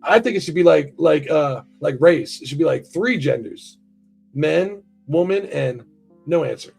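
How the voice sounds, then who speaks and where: An American man hosts a livestream, his voice a little high, gravelly, slightly rough, and a little mellow, with lively intonation and an unhurried pace. He rambles casually and swears plenty while talking to his chat, and faint music plays behind him.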